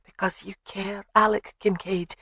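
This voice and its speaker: A male narrator voicing a spirited young Highland bride in a raised, teasing voice. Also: normal speed, dry recording. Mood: tender teasing.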